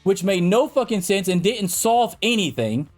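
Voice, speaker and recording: A man's voice: high voice, sing-song, moderate pace, a little mellow, faint music behind. A man co-hosting a podcast, ranting in a heated, profane and emphatic debate. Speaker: podcast co-host.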